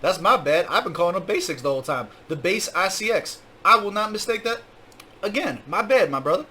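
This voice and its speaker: A man's voice: high-pitched, expressive, a little fast, pushed and bright, slight background noise. A man reacting to a rap battle as host, casual and hyped, heavy on slang and "like.". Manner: casual slang, hyped, says "like" and "my guy" a lot.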